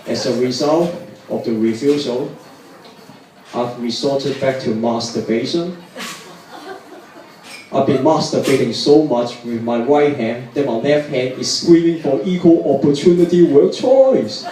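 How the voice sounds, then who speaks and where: A man in his twenties doing a stand-up set, deadpan and self-mocking, with lots of "you know, uh" fillers. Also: medium pitch, measured pace. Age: 20s. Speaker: stand-up comedian. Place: hotel pub venue, indoors, live audience. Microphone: far audience camera. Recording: echoey room, far mic, crowd noise.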